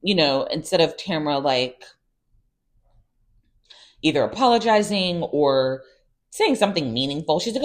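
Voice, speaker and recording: A woman's voice: deep voice, expressive, unhurried, long pauses. A woman hosting a casual reality TV recap, chatty and sassy with exasperated asides.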